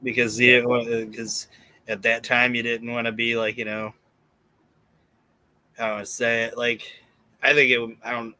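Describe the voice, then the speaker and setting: A man with a bright, forceful voice rambles through his points on a podcast and swears casually. The sound is dry, and his pitch sits mid-range. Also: level tone, moderate pace, long pauses, no echo, poor audio. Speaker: podcast co-host. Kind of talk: casual chat.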